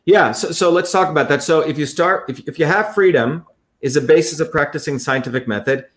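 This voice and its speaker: Earnest lecturing man, higher voice. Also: fairly quick. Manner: earnest, lecturing, repeats phrases. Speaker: guest. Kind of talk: explanatory interview talk.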